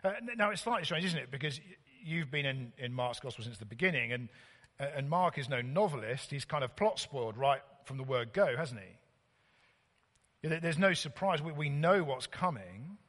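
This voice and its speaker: Visiting preacher, man, chatty halting delivery, church hall reverb. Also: mid-range voice, lively intonation, fairly bright tone. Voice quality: halting, many fillers and restarts. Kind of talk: sermon.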